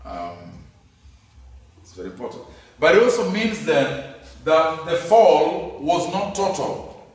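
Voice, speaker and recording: A man, pitched a little higher than most men, teaching scripture emphatically and peppering his lecture with rhetorical questions. His voice rings through a very reverberant room, picked up from some way off the mic. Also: big pitch swings, slow pace, long pauses. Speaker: Bible teacher. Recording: very echoey room, mic at a distance.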